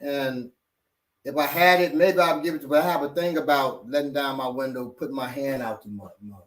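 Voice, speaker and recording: A man's voice: mid-range voice, a little fast, echoey room, rough recording. A man teaching and trading stories in casual chat, acting out the voices of the people he quotes. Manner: animated, laughing, acts out quoted voices. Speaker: instructor.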